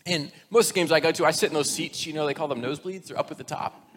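A man's voice: a little high, quick pace. Conversational male preacher in a reverberant hall. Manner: conversational, acts out quoted voices, drops to near-whisper for emphasis. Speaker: pastor. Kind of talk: sermon.

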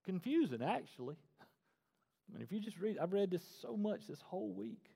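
A pastor, preaching a sermon in a conversational, animated way and repeating phrases for emphasis. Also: male voice, sits high, normal speed, creaky, breathy edge. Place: church auditorium stage. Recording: long reverb in a large hall.

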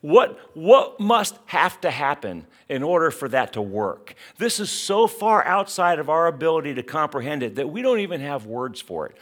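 A man's voice: on the high side, big pitch swings, normal speed, few pauses, a bit bright. A middle-aged man preaching a sermon, emphatic and dramatic, full of rhetorical questions. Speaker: pastor.

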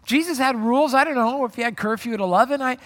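A man's voice: very high-pitched, quick pace, fairly bright tone, big-room sound. A man preaching a sermon in a conversational way, often acting out quoted voices. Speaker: pastor.

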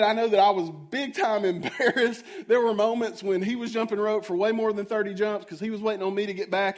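Guy preaching, chatty and self-mocking, keeps asking the crowd "right?". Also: high-pitched. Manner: storytelling, self-mocking, addresses the audience directly. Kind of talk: sermon.

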